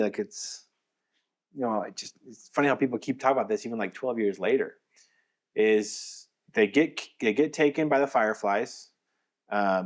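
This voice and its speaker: Lower-voiced man retelling a story with animation. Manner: animated retelling with acted-out quotes, frequent restarts. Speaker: podcast co-host. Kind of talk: casual podcast chat.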